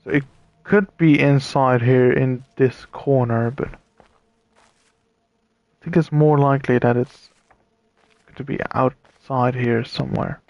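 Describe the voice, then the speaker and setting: A tired man comments casually on a puzzle game as he plays. He talks slowly with many pauses, thinks aloud and chats to his viewers. His voice sits mid-pitch and sounds dry and close to the mic. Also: fairly even intonation, creaky, dry recording, dull audio. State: tired and yawning. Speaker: streamer playing a puzzle game. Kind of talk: casual let's-play commentary.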